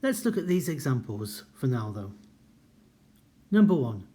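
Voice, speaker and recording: A man with a mellow, dark-toned voice gives a university writing lecture. He speaks clearly and at a measured pace. He reads each example sentence aloud with pointed rises and falls in intonation. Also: medium pitch, very animated. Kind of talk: recorded lecture.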